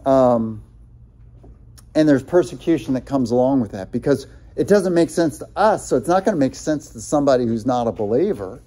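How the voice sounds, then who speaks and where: A man's voice: medium pitch, lively intonation, moderate pace, warm tone. A male pastor preaching a sermon in a conversational way, with many fillers and restarts, quoting scripture as he goes.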